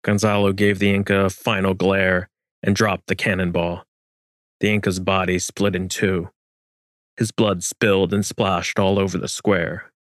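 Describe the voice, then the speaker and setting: Slow, low-voiced male narrator. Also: level tone, no echo, studio quality. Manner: measured, solemn storytelling. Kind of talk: scripted narration of historical fiction.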